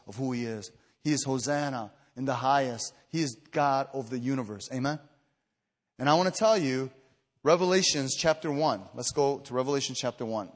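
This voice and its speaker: A man from the Chicago area preaching an evening retreat sermon, earnest and emphatic, telling personal stories with many fillers and restarts, and growing louder and higher when stirred. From Chicago area, USA. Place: retreat meeting hall. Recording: echoey hall reverb.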